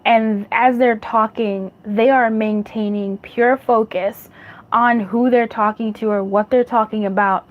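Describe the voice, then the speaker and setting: A woman's voice: a little high, steady tone, measured pace, phone-quality sound. A woman giving a casual pick-a-card tarot reading, chatty and rambling, laughing at her own jokes and swearing freely. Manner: rambling, self-correcting.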